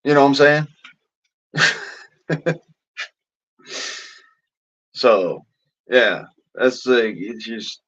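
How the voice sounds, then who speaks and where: A man rants straight to the camera, swearing hard in a blunt, rambling way and using folksy slang. His voice sits at an ordinary middle pitch. The sound is dull and lo-fi, like a cheap phone mic. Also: expressive, drawn-out words, long pauses, a bit bright. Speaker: vlogger. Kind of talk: angry ranting vlog.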